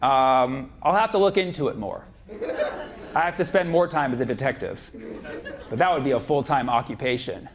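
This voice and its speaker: A man's voice: mid-range voice, moderate pace, heavy background noise. A male stand-up comedian delivering a mock-serious, conspiratorial routine on a comedy club stage.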